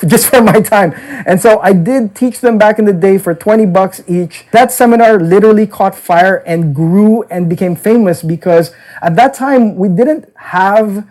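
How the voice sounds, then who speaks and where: A man's voice: high-pitched, normal speed, few pauses, darkish tone, low-quality recording. A man casually recounting his past as a dating seminar teacher, peppering his talk with "okay?" and "like". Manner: frequent "okay?" and "like" fillers. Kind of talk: casual storytelling interview. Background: children.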